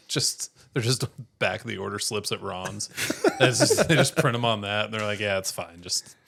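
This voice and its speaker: Low-voiced co-host, a man who fires off dry one-liners. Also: lively intonation, normal speed, vocal fry, a bit bright, husky. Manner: dry one-line quips. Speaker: podcast co-host. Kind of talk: casual chat.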